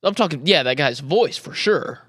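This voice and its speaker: A man's voice: fairly high pitch, lively intonation, moderate pace, a bit bright, breathy edge. A male co-host chiming in with offhand, joking banter on a sports talk show. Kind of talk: casual studio banter.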